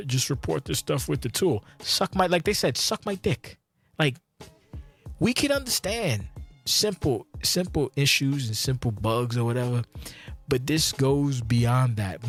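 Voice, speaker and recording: A man hosting a gaming channel, delivering a profane, heated rant with many restarts and sudden jumps up in pitch when outraged. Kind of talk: profane ranting vlog.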